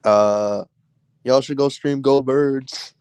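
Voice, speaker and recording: A man's voice: medium pitch, takes it slowly, darkish tone, slight background noise. A man chatting casually as a guest, laid-back and teasing. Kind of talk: casual chat.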